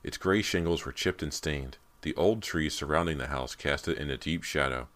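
A man narrating an audiobook in a measured, ominous way. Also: rumbling low, a bit bright. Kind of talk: scripted narration.

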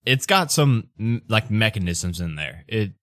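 Lower-voiced man running a tabletop game. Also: very animated, unhurried, fairly bright tone, no echo, clean studio sound. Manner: casual, laughs often, fillers. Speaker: game master.

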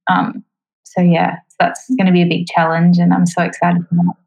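A young woman in her twenties chats easily as an interview guest, her voice sitting a little low for a woman. She talks loosely, padding her thoughts with "um" and "like.". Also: completely flat delivery, brisk, creaky, a little mellow, muffled recording. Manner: chatty, many fillers like "um" and "like". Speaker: musical theatre performer, guest. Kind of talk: casual interview chat.

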